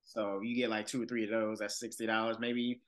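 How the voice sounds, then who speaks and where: A man's voice: fairly low pitch, level tone, brisk. A man co-hosting a podcast as a comedian, chatting casually and laid-back with lots of fillers. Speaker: podcast co-host. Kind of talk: casual chat.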